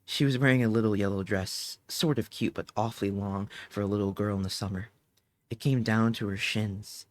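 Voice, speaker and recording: A man reading an audiobook aloud in an emotive, dramatic way, slowing down on the key phrases. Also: fairly low pitch, fairly even intonation, dry recording. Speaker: audiobook narrator.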